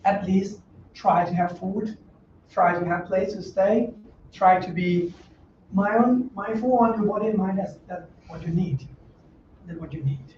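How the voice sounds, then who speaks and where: In a meditation center hall, a monk gives his Dhamma class an informal dharma talk, his high male voice moving a little slowly. He jokes bluntly in broken English and laughs often. The mic is dull and distant, leaving a roomy sound with faint noise.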